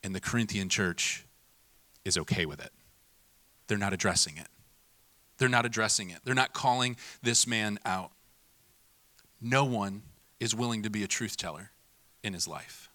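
A man preaching a sermon in a lively, conversational way, mimicking people in quick voices and laughing at himself. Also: fairly low pitch, no room sound. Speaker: pastor.

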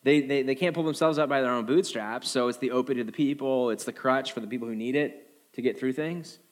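A man preaching a sermon as a pastor, animated and jokey, acting out quoted voices in a higher pitch. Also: a little fast.

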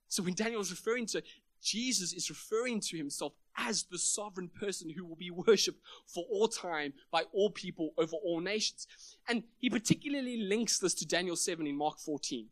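A man's voice: high voice, fairly bright tone, dry recording. A man preaching a sermon at a church meeting, emphatic and building up to big points.

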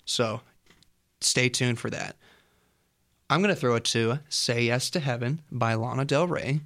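A man's voice: mid-range voice, unhurried, a bit bright. Rambling young man hosting college radio. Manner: rambling, joking, easily distracted. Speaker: college radio show host. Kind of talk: casual radio chat. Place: radio studio.

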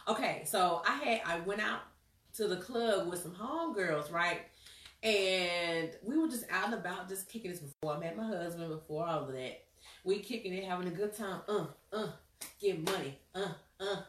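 A woman, hosting a casual chat, laughing often and telling stories with lively impressions of people. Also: moderate pace. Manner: animated, laughs often, mimics people in high voices. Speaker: host. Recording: roomy, a bit far from mic.

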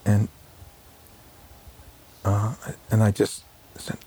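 A man, a rabbi, recalling a painful day in an emotional interview, talking in halting bursts with many fillers and restarts. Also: on the low side, completely flat delivery, mellow, slightly rough. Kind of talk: emotional personal recollection. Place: home.

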